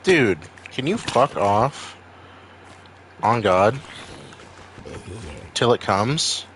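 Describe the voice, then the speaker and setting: A man's voice: medium pitch, lively intonation, extremely slow, a bit bright. Man, Maine accent, gaming streamer, casual rambling chat, swears a lot, faint background hum.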